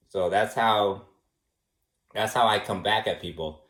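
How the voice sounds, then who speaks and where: A man in a casual rambling monologue who shrugs things off in soft, dismissive replies. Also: on the low side, a little slow, pauses often. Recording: roomy echo.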